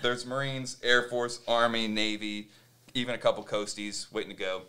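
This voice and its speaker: A man's voice: medium pitch, moderate pace, smooth. A man hosting a podcast, telling a story in casual chat, acting out other people's voices and swearing freely. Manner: animated, acts out quoted voices, swears freely. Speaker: podcast host.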